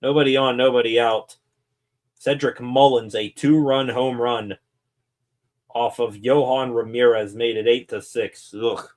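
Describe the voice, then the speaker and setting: A man hosting a sports channel, giving excited live play-by-play reaction commentary that rambles with fillers and self-corrections. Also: medium pitch, measured pace.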